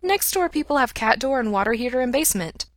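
A woman's voice: fairly high pitch, expressive, no room sound, clean studio sound, pitched above the performer's own voice, lightly acted. A woman playing a haughty, aloof cat. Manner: slow, clipped, dismissive. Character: aloof female cat, dry and superior.

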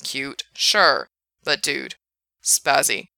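A woman voicing a blunt young man who teases his friend in a deadpan, mocking way. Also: rumbling low, drawn-out words, gravelly, no room sound, heavily acted. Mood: teasing. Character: blunt teasing young man, laid-back buddy.

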